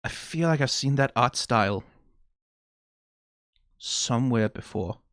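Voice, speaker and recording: A man from Denmark hosting a casual reaction video, animated and exclaiming, swearing now and then and laughing. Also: medium pitch, a little slow, dry recording, studio quality.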